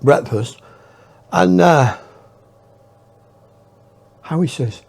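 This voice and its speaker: A man's voice: on the high side, animated, takes it slowly, creaky, long pauses, a little mellow, husky. A man telling his memoir in a rambling, reflective way. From northern England. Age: 60s. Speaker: storyteller. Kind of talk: memoir storytelling.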